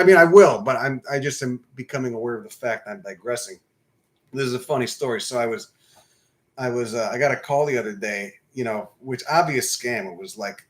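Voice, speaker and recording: A man's voice: mid-range voice, a bit bright. Man rambling profanely on a livestream. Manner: profane, digressive, laid-back storyteller. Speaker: livestream host. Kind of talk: casual rambling live-stream chat.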